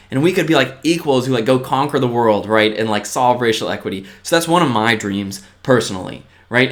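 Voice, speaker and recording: A man's voice: medium pitch, fairly bright tone. Earnest man talking to camera. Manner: earnest, keeps checking in with "right?". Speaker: vlogger. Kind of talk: casual motivational talk to camera.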